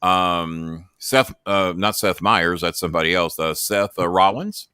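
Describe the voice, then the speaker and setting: Man, 60s, low, lively, profane raconteur; dry close sound. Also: unhurried, clear, resonant tone, no echo. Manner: animated storyteller, swears freely, acts out quotes. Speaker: guest, former wrestling manager. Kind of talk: profane storytelling in a podcast chat.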